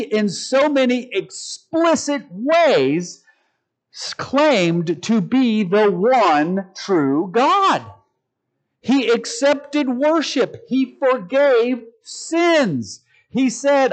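A man preaching a sermon to a live congregation, calling them folks and stressing key words with long pauses. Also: high-pitched. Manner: addresses listeners as folks.

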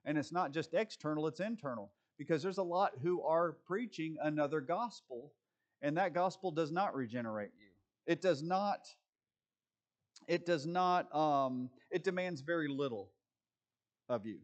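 A man preaching a conversational sermon, reading scripture slowly and rising to emphatic peaks. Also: fairly high pitch.

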